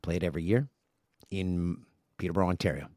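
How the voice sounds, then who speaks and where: A man's voice: low voice, fairly quick, darkish tone, no echo, clean studio sound. A man in his forties hosting a casual solo podcast, reading listener emails aloud with jokey asides. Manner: chatty, jokey asides while reading mail. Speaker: podcast host.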